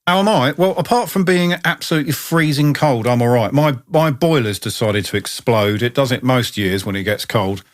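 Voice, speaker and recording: A man co-hosting a casual podcast, his pitch swinging up and down as he tells stories. He swears freely and gets carried away with enthusiasm. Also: expressive, normal speed, hardly any pauses. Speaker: podcast co-host. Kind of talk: casual chat.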